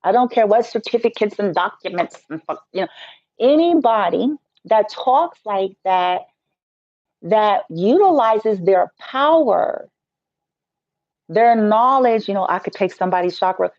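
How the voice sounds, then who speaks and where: A woman's voice: mid-range voice, lively intonation, measured pace, dry recording. A woman who works as a Reiki healer, talking in a casual live-stream rant that is blunt, profane and joking. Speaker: Reiki healer and spiritual teacher. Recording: dull, dry lo-fi sound.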